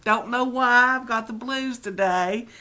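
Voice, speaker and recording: On the high side and a little slow, her voice has a sharp edge. She's a middle-aged vlogger in a casual, meandering chat to camera, self-deprecating and near tears.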